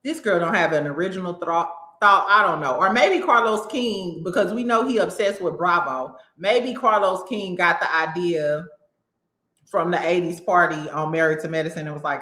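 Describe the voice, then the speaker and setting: Woman host, blunt and mocking reality TV commentary, crisp bright tone. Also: on the low side, moderate pace, roomy sound. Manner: blunt, sassy, cursing, mocking impressions. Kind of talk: casual opinionated commentary.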